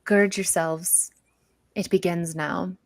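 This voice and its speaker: A woman's voice: on the low side, steady tone, slow pace, dry recording. Woman doing a solemn female jungle guide with a lilt. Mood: ominous.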